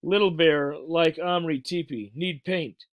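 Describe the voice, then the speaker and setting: A man's voice: on the high side, unhurried, no echo, studio quality, close to an everyday voice. A man voicing a tiny, stern, proud warrior who speaks in short clipped phrases, as a storybook read-aloud. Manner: gruff, broken clipped phrases.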